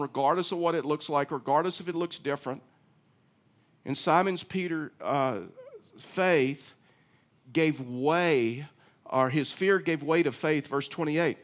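A middle-aged man preaching a sermon in a conversational way, often repeating words and asking his listeners questions. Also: a little high. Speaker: pastor.

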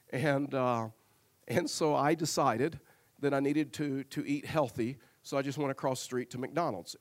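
A male pastor preaching a sermon, telling a personal story earnestly and with humor, often repeating words as he goes. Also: medium pitch.

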